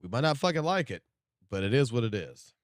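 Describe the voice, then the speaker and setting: A man hosting a live stream, chatting casually and excitably with plenty of profanity, straight to his chat. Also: medium pitch, fairly quick, no echo, studio quality. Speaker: livestream host. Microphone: studio streaming mic.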